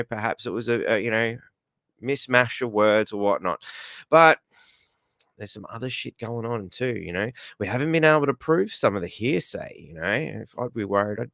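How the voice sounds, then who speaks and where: A lower-voiced Australian man hosts a live stream in a loose, rambling way, greeting viewers by name and swearing casually. His voice is smooth and resonant, recorded close and dry with no room sound. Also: fairly bright tone, dry recording. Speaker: host.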